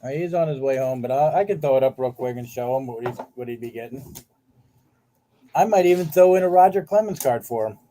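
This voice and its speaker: A man hosts a live card-sale stream in an easygoing, casual way. He talks at an ordinary middle pitch and runs through the cards as he shows them. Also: a little fast, mellow.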